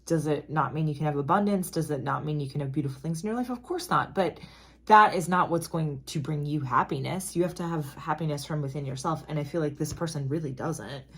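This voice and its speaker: A woman giving a casual tarot reading, talking in a chatty, emphatic way with asides and quick apologies. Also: deep voice, breathy edge. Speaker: tarot reader.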